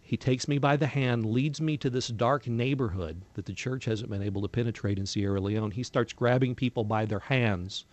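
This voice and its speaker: A man's voice: medium pitch, moderate pace, hardly any pauses, dry recording. A man from America, a missionary guest telling testimony stories in a radio studio, earnest and quoting dialogue plainly. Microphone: studio microphone.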